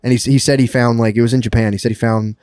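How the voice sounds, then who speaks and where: A man telling a long story on a podcast in a rambling, profane, excitable way. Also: medium pitch, fast talker, clear, resonant tone, dry recording, clean studio sound. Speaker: podcast co-host. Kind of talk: casual storytelling chat.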